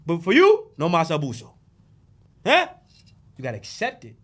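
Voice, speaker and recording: A man talks on a podcast as a guest, preaching and storytelling with a foul mouth and lots of energy. His voice sits high and leaps around a lot. He tends to drop to a murmur and then burst out loud. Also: moderate pace, long pauses. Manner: preachy, animated, profane storytelling. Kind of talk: casual podcast conversation.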